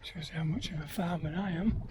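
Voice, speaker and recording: A man's voice: on the high side, brisk, background noise. A man, worn out after heatstroke, vlogging about his ultra run in a rambling, hesitant way with many ums. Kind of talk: casual self-filmed vlog.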